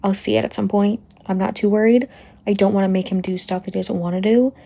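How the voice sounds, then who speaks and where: A woman's voice: medium pitch, fast, creaky. Chatty young woman vlogging at home. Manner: chatty and excitable, talks to her viewers. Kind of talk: casual vlog chat.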